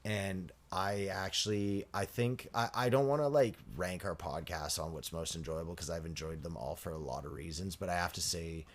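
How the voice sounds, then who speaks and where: A man co-hosting a podcast in casual chat, rambling and correcting himself as he goes, quick to laugh. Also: low voice. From Canada. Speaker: podcast co-host.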